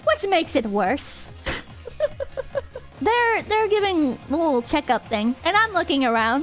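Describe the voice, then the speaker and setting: A young woman streamer telling a story to her audience in casual, animated speech, swearing and laughing at herself often. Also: very high voice.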